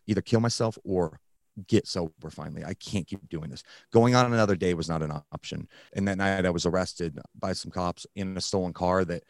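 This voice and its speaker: A man, a guest on a talk show, telling his personal story candidly in casual slang, often halting and restarting. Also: low voice, no room sound, clean studio sound. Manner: blunt, casual, uses slang. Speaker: guest recounting his addiction recovery.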